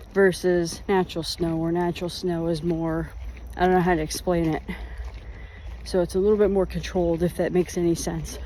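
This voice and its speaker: A vlogger strolls outside, sharing loose, self-mocking anecdotes in a relaxed storytelling style. The pitch is medium, the tone dark, and a slight hiss or hum runs underneath.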